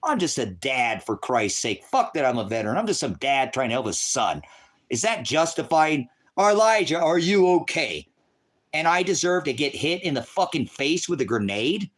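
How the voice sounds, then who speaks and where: Distraught man, livestream rant, profane and furious, voice sits a bit high. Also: very animated, normal speed. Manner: furious, profane, shouting at times.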